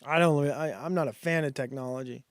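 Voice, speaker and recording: A man rambles through a casual live stream, wandering between thoughts with plenty of ums and restarts. His voice sits a bit high, and the recording is dry and close. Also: fairly quick, no echo. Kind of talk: casual stream chat, reading chat. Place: home room at computer. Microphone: desk mic at computer.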